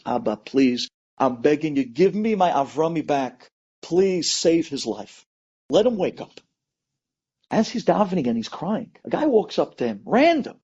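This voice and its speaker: A man, a rabbi, telling an inspirational story dramatically, acting out each person's pleas with big swings in pitch and loudness. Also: breathy edge, muffled recording.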